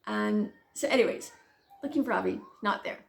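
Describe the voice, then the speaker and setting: A middle-aged woman teaching the Bible tells a personal story, acting out her own thoughts like a lively storyteller before turning it into earnest, gentle encouragement. Her voice is medium-pitched and gravelly, at a normal speed.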